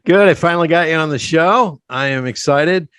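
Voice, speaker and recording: A man from South Central Pennsylvania hosting a casual podcast interview, chatty and quick to laugh. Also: fairly high pitch, fairly bright tone, smooth, dry recording, clean studio sound. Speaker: podcast host.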